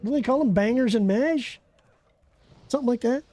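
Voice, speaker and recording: A streamer giving excitable, profane live commentary while playing a game and bantering with viewers. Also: medium pitch, a little fast, dry recording. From Canada.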